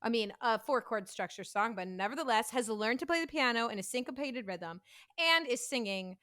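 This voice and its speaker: A woman hosting a casual interview podcast, telling lively, self-mocking stories and swearing freely. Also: fairly high pitch, brisk. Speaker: podcast host and voice teacher.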